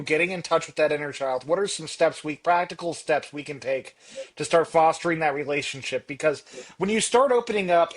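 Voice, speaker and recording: A chatty man co-hosting a coaching podcast, with a voice that sits a little higher than most men's. He talks casually and keeps reaching for quick examples and jokes to make his points land.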